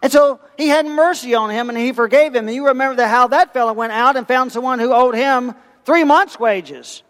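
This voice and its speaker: A man preaching a sermon, telling a parable with lively, animated storytelling and acting out the voices of its characters. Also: very high-pitched, fairly quick, big-room sound. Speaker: pastor.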